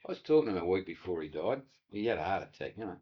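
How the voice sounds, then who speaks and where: A man's voice: deep voice, animated, rapid-fire, breathy edge. An older Australian man telling oral history stories, acting out voices and swearing casually. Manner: yarn-spinning, acts out quoted voices, casual swearing. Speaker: interviewee, retired waterside worker. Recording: dull lo-fi archive tape.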